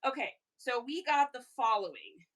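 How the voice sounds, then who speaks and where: A woman chats casually through a reseller livestream, animated and prone to rambling asides. Her voice sits a little high and sounds strikingly bright. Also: moderate pace.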